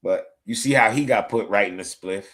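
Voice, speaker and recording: A man's voice: lowish voice, brisk, fairly bright tone. Laid-back New Jersey man streaming. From Newark, New Jersey, USA. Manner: loose, profane, laughs often, repeats himself. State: tired, yawning. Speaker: live stream host. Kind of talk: casual football watch-along chat.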